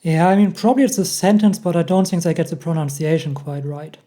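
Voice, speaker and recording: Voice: mid-range voice, a little fast, dark tone. A tutorial host talking casually while walking through a program on screen, thinking aloud as they click through the menus.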